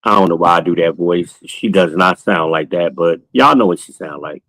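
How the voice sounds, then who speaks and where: A man's voice: low-pitched, normal speed, fairly bright tone, rough recording. A podcast host talks casually to viewers while walking through his home, boastful and joking, swearing freely.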